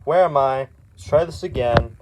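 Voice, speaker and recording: A young man casually commenting as he reads his old comics aloud, sarcastic and exasperated, with quick asides. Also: medium pitch, noisy background. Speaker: YouTube artist.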